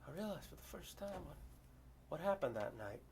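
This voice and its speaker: An older man performing a story poem dramatically, swinging from loud outbursts to hushed whispers. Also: fairly high pitch, big pitch swings, moderate pace, noisy background.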